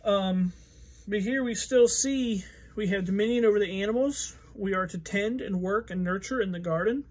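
Male pastor, high-pitched, relaxed conversational Bible teaching with frequent fillers. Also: moderate pace. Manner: conversational, thinking aloud with fillers.

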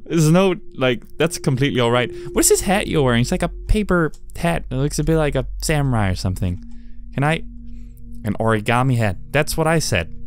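A man's voice: mid-range voice, expressive, a little fast, slight background noise. A man giving wry, chatty commentary while playing a game and reading its text aloud. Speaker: let's play gamer.

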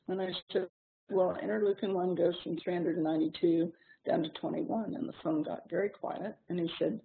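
A middle-aged woman giving a clinical seminar lecture. She explains in a measured way, with frequent pauses and ums. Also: fairly low pitch, fairly even intonation, vocal fry. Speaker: seminar instructor. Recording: tinny lo-fi seminar recording with faint hiss.

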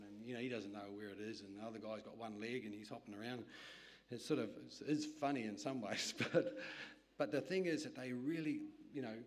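A middle-aged man preaching a sermon, telling rambling personal stories in a conversational way with frequent restarts. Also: medium pitch.

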